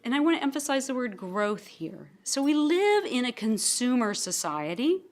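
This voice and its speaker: A woman's voice: on the high side, very animated, normal speed. A woman professor giving an academic lecture and reading quotations aloud, lifting her voice for emphasis and letting phrase ends trail off. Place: library assembly room.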